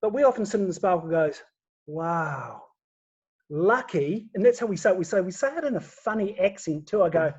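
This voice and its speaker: A man's voice: high voice, lively intonation, very fast, hardly any pauses, darkish tone, slightly rough, highs cut off. A man chatting casually as a guest, laughing often and restarting his words. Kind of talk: casual chat.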